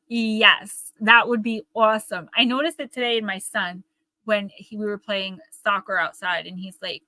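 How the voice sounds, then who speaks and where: A woman's voice: mid-range voice, fairly even intonation, unhurried, bright, forceful tone, no room sound. A woman with a Northern New Jersey accent, chatting and rambling to her viewers as she hosts a live oracle card reading.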